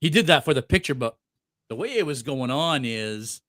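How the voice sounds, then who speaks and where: A man co-hosting a podcast tells a story in casual conversation, full of fillers, restarts and laughter. His medium-pitched voice is expressive and fairly bright at a normal pace, recorded at studio quality without echo.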